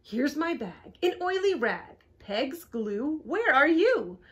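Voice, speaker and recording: A woman voicing a small, gentle male robot in a children's picture book, speaking in a soft, sing-song rhyming way. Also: high voice, sing-song, slow, full character voice. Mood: busy.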